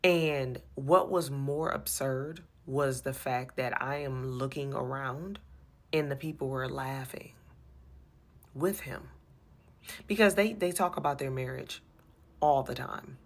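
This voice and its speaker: A woman with a low, gravelly voice tells an exasperated story about her church. She talks with animation and circles back over her points. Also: slow, long pauses. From USA. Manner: animated, exasperated, repeats herself. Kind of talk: personal storytelling.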